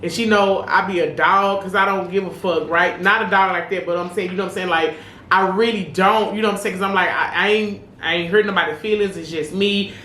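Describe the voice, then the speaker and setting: A woman's voice: mid-range voice, fairly even intonation, fairly quick, sharp tone. A woman co-hosting a podcast, talking candidly and rambling, filling her speech with "you know what I'm saying". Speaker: podcast co-host. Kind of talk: casual chat. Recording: roomy room with faint noise.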